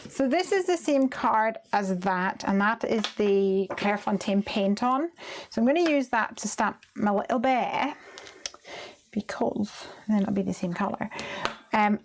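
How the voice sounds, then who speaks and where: A woman's voice: mid-range voice, animated, normal speed, slight background noise. A woman hosting a live card-making stream, chatting casually as she works, reading viewer comments aloud and laughing often. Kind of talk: casual chat while crafting.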